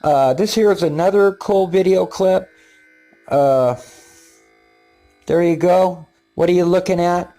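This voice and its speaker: An older man in a casual vlog, narrating his own video footage in a rambling, halting way, with repeated words and many fillers. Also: high-pitched, dark tone, faint music behind. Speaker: paranormal video maker.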